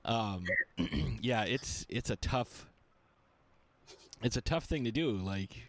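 A man hosting an interview-style chat, easygoing and talkative. His voice sits on the lower side, and he meanders through his sentences with plenty of filler words and wry little asides. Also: expressive, takes it slowly. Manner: rambling, many fillers, jokey asides. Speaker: podcast host. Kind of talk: casual podcast chat.

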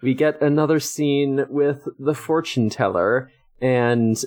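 A man's voice: mid-range voice, slow pace, darkish tone. A man with a mid-range voice talks through scenes in a casual podcast chat. He rambles a little and narrates the plot beat by beat. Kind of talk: casual chat recapping an episode.

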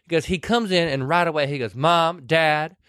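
A man's voice: a little high, expressive, fast, fairly bright tone, no room sound, studio quality. A man in casual chat, retelling a film scene by scene and acting out quoted lines. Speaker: podcast co-host recapping a film.

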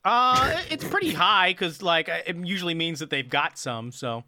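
A man's voice: on the high side, animated, moderate pace, bright, forceful tone. A man chatting casually, telling rambling stories with mock outrage. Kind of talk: casual chat.

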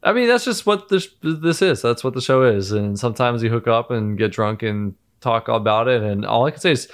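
Male co-host, relaxed recap talk, measured and wry delivery, mid-pitched voice. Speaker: podcast co-host. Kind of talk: casual recap chat.

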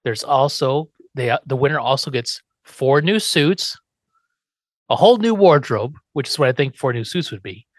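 Lively laughing podcast host, man. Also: mid-range voice, normal speed, dry recording. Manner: lively, laughing, puts on character voices while recapping. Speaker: podcast host recapping an episode. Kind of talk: casual chat.

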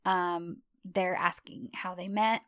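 A woman in casual chat, recapping a TV series with a friend, chatty and quick to laugh. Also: fairly low pitch, fairly even intonation, dry recording, studio quality. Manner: chatty, laughs easily, retells scenes.

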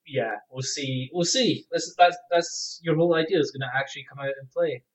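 A man's voice: on the high side, brisk, lo-fi sound. A man co-hosting a casual podcast chat, eager but hesitant, with lots of fillers.

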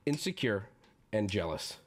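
A man in his thirties ranting to his stream chat, exasperated and loud, mocking people in whiny voices. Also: on the low side, very animated, a little slow.

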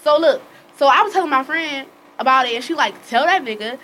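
A woman telling a story casually to friends, acting out the dialogue with lively swearing and frequent laughter. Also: high voice, quick pace, a little hiss or hum, poor audio. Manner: animated, acts out quoted dialogue with swearing; laughs often while telling.

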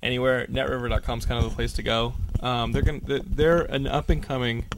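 A man's voice: mid-range voice, fairly even intonation, quick pace, background noise. Rambling, jokey male podcast co-host. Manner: rambling, jokey, trips over his words. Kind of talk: casual chat.

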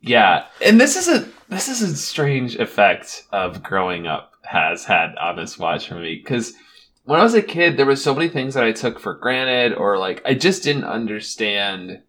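A man's voice: mid-range voice, very animated, normal speed, fairly bright tone, slight background noise. A young man co-hosting a casual film podcast, chatty and laughing often. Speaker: podcast co-host. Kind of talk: casual chat about a film.

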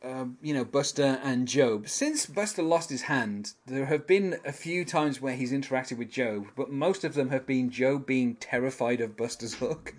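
A man's voice: medium pitch, lively intonation, normal speed, few pauses. A man hosting a casual podcast, rambling through an episode recap with many fillers and frequent chuckles. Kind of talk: casual chat.

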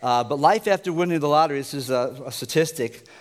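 A man's voice: a little high, quick pace. A man from the United States preaching an informal sermon, conversational and joking, with asides to his listeners.

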